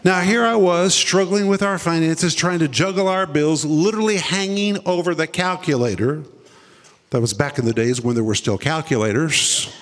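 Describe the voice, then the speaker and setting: A male preacher telling a story in a sermon, dramatic, dropping to deep low tones for quoted lines. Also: normal speed, fairly bright tone, big-room sound.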